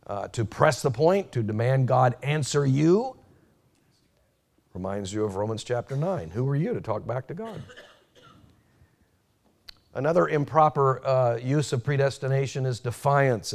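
A male preacher with a mid-range voice delivers a teaching sermon. He talks with restarts and fillers, climbs high and loud when acting out quotes, then sinks to a near murmur for weight. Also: animated, a little slow, long pauses. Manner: emphatic, rising sharply when quoting, dropping low and quiet at key points.

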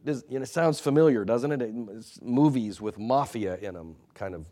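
Man preaching with dramatic loud-soft swings. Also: moderate pace, hardly any pauses. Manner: dynamic preaching that swings between loud emphatic peaks and quiet low asides; earnest, admonishing. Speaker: pastor. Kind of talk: sermon.

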